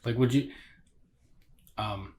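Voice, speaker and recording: Male beer reviewer, mid-pitched, casual and meandering, hedges a lot while hunting for words. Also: slow pace, a little mellow. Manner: rambling, hedging, searching for words. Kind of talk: casual tasting chat.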